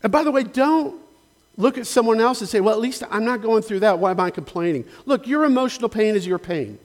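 Pastor, male, high voice, earnest conversational sermon, long church reverb. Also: animated, brisk. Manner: conversational, earnest, frequent restarts and asides. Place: church sanctuary.

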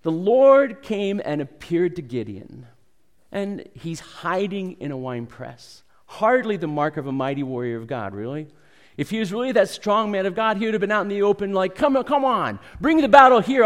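A man's voice: high-pitched, in a large hall. Earnest man preaching a sermon. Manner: earnest, acts out quoted voices with rising intensity. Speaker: pastor. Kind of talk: sermon with scripture reading.

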